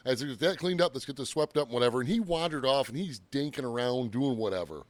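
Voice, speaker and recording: Lively man telling shop stories. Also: mid-range voice, fast, few pauses, no room sound. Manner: lively storyteller, laughs often. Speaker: podcast co-host, auto technician. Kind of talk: casual storytelling chat.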